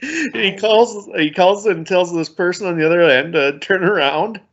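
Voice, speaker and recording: A man's voice: sits high, moderate pace, fairly bright tone, dull audio. A man co-hosting a comedy album review podcast, recapping a story while often breaking into giggles. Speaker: podcast co-host.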